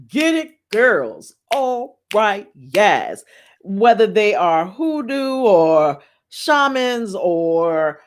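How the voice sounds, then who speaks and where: A woman talks straight to her listeners from home, chatty and excited. She often breaks into laughter and calls them "y'all." She sits at a middling pitch for a woman and teaches as she goes. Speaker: spiritual podcast host. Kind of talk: casual chat, reading aloud and teaching. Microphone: camera in her home.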